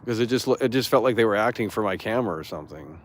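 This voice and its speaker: A young man talks to his stream chat in a rambling, indignant rant. His voice sits a bit low, and the words come loose and profane, full of restarts. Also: animated, rapid-fire.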